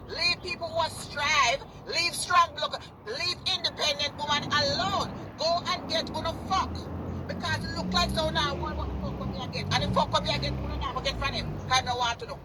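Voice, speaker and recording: A Jamaican woman with a high voice tears into someone in a heated, profane rant, hammering the same lines again and again. She's recorded outdoors by a road, and cars and buses rumble loudly around her. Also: steady tone, normal speed. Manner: cursing, heated, repetitive. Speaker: vlogger.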